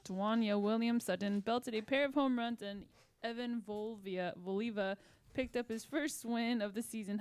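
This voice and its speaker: A young woman reading sports headlines on a radio show in a brisk way, sometimes stumbling over names. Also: mid-range voice, a little mellow, smooth. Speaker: radio news reader.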